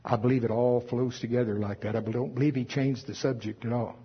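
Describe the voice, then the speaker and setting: Man, pastor, sermon, emphatic preaching, husky, dull lo-fi recording. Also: medium pitch, fairly even intonation, fairly quick. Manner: preachy, emphatic, quotes scripture in old wording.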